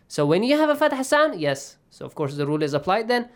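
A man's voice: on the high side, very animated, fast talker, few pauses. A man teaching Quran recitation rules in a lesson, explaining patiently and checking understanding often. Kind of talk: online tajweed lesson.

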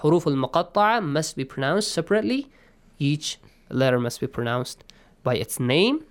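A man teaching Quran recitation rules. He explains patiently, checks in with his students, and chants verses in a slow, stretched way. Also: a little high, very animated, clear, resonant tone. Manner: patient, checks in often with "okay?" and "yes?". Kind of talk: online class, explaining and reciting.

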